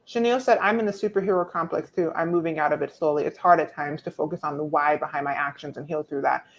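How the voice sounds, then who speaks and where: A woman, hosting a casual live-stream coaching talk, reading viewer comments and answering them in an expressive, preacherly way. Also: sits low, fast, gravelly, dull audio. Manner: expressive and preacherly, teasing viewers by name, emphatic repetition.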